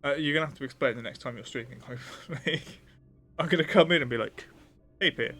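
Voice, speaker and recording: A man's voice: medium pitch, quick pace, fairly bright tone. A man streaming a game and chatting casually, musing aloud with lots of fillers and restarts. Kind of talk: casual live-stream chat.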